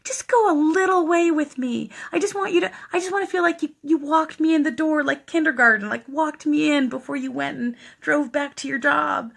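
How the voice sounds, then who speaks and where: A woman's voice: a little high, fairly even intonation, measured pace, hardly any pauses, a bit bright, pitched above the performer's own voice. A woman voicing a frightened dying man who pleads hesitantly for someone to go with him. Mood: pleading.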